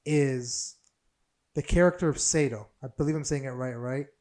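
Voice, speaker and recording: A man co-hosting a casual film podcast, talking in an excitable, rambling way and swearing often. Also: medium pitch, normal speed. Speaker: podcast co-host.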